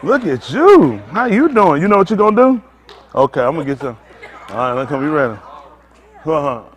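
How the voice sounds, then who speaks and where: A man's voice: on the high side, big pitch swings, fairly quick, some chatter behind. A man preaching as a pastor, coaxing and teasing volunteers from the congregation in a playful way.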